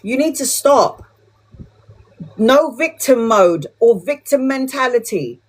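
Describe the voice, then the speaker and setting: A woman's voice: on the high side, animated, slow. A woman giving a live tarot reading who talks bluntly and chattily and swears casually. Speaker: tarot reader.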